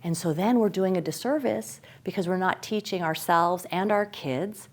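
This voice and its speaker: A middle-aged woman speaks to parents in a faith-based parenting lesson. Her delivery is lively and animated. She often acts out the voices of the people she quotes. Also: medium pitch, moderate pace.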